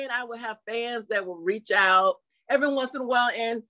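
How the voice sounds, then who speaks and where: A woman being interviewed in a casual chat, telling her story animatedly and acting out quotes in lively voices. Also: on the high side, quick pace, few pauses, dry recording. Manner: chatty, with frequent "you know" fillers. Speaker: interview guest.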